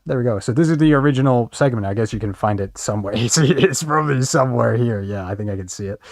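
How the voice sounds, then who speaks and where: A man's voice: medium pitch, fast. A male streamer casually reacting to videos, laughing and swearing.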